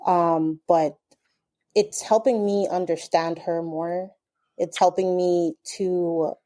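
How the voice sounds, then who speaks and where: A middle-aged woman, a guest and mother, speaking in a reflective, halting, earnest way. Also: fairly low pitch, mellow. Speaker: podcast guest. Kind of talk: casual chat.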